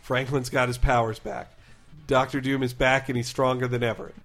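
A man's voice: medium pitch, little pitch movement, a bit bright, faint music behind. Man, podcast co-host, loose rambling chat full of fillers and side comments. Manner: rambling, filler-heavy, quick asides. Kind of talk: casual chat.

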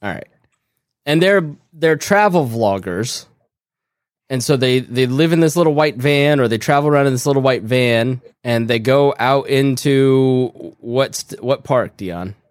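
A man's voice: medium pitch, measured pace, dry recording, clean studio sound. A man co-hosting a casual podcast chat, rambling and self-interrupting in a playful way. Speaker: podcast co-host.

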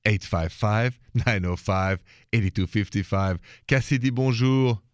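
Suave French-accented radio host. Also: male voice, fairly low pitch, a little slow, no room sound. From France. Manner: suave, chatty, laughs easily. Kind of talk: call-in radio show.

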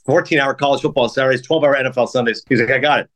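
Fast-talking male podcast host. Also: medium pitch. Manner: rapid, animated anecdotes with acted-out quotes. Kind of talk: casual storytelling chat.

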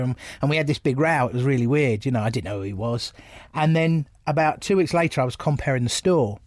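Middle-aged man, mid pitch, loose anecdotal comic delivery. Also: a little fast, no echo, studio quality. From England. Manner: animated storyteller, laughs often. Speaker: comedian guest. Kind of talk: casual anecdotal chat.

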